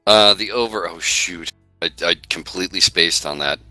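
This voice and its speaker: Man, low voice, sharp tone, halting podcast chat, dry, faint music. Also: no echo, rough recording. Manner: halting, lots of fillers and restarts. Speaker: podcast stats segment host.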